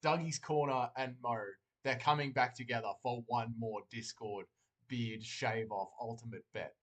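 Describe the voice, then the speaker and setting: A man's voice: mid-range voice, steady tone, moderate pace. A man hosting a casual livestream, joking and rambling while reading chat aloud from a desk mic. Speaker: livestream host.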